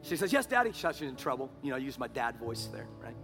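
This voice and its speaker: A man preaching a sermon as pastor, moving between loud emphatic declarations and hushed, whispered prayer. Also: mid-range voice, quick pace, soft background music.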